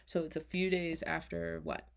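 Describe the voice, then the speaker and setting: Casual woman oracle reader, low gravelly voice, candid and chatty. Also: sing-song, normal speed. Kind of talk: casual spoken oracle reading.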